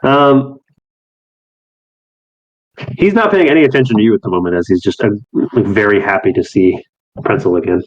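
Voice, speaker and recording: A man's voice: lowish voice, moderate pace, pauses often. A man narrating as game master, loose and chatty, with plenty of fillers, on slightly muffled audio.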